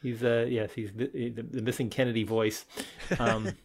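A man at an everyday middle pitch talks casually about old movies. He rambles, restarts his sentences and chuckles as he goes. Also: little pitch movement, normal speed, slight background noise. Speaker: podcast co-host. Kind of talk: casual film discussion.

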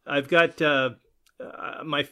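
A man's voice: on the high side, steady tone, takes it slowly, bright, forceful tone. Chuckling, hesitant man co-hosting. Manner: hesitant, many fillers and repeats, laughs often. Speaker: podcast co-host. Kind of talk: casual chat.

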